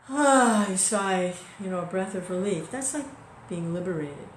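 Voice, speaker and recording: A woman's voice: on the low side, moderate pace, slight background noise. Woman giving a casual spiritual talk, roomy sound. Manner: conversational, many fillers and "you know". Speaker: devotional speaker. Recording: echoey room recording.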